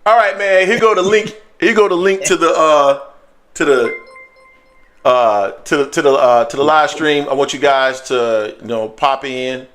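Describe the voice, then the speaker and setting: A man's voice: on the high side, a little slow. Loose, slangy male live-stream host. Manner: loose, animated, slangy banter. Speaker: sports show host. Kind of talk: casual live-stream chat.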